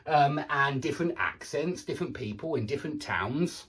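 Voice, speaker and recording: A man's voice: a little high, lively intonation, moderate pace, a bit bright. A man with a southern English accent teaching pronunciation online, repeating words with exaggerated contrast and chatty asides. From southern England.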